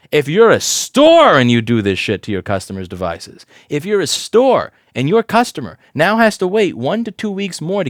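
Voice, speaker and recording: A man's voice: mid-range voice, no room sound. A man working as a repair technician who gives a hands-on repair tutorial in a blunt, profane, explanatory way at a repair shop workbench.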